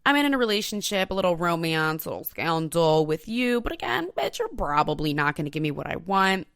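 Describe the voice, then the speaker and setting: A woman's voice: lowish voice, sing-song, brisk, fairly bright tone, clean tone, dry recording, clean studio sound. A woman voicing a bold, mercenary female spy who talks brashly and curses. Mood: sassy. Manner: brash, sassy, cursing.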